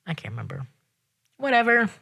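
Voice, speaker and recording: A woman talks on her own show in a loose, sassy rant, her voice bright and forceful. She sounds exasperated and animated, jumping up in pitch when something annoys her. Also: a little fast, creaky. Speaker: podcast host. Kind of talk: casual solo rant.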